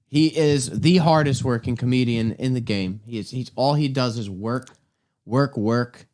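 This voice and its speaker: A man co-hosting a comedy podcast in casual banter. He teases and heaps mock-earnest praise on his friend in a dry, deadpan way. He talks close to a studio mic. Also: fairly high pitch, moderate pace. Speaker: podcast co-host.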